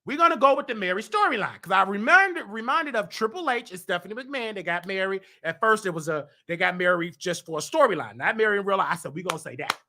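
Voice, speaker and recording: A man hosting his show, telling a story in a flamboyant, dramatic way, jumping between loud bursts and hushed asides. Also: high voice, lively intonation, quick pace, few pauses. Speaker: show host. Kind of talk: casual storytelling monologue.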